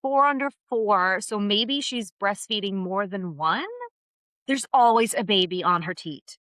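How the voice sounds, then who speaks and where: A woman co-hosting a podcast, chatting casually and bluntly about reality TV gossip, with animated, opinionated storytelling. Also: mid-range voice, unhurried, no echo. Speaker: podcast co-host.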